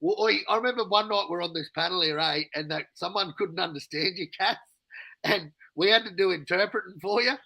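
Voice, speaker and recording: Gravelly high-voiced Australian man. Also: brisk, pushed and bright, dry recording, low-quality recording. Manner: laid-back, says "bro" often. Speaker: panel guest. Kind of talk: casual chat.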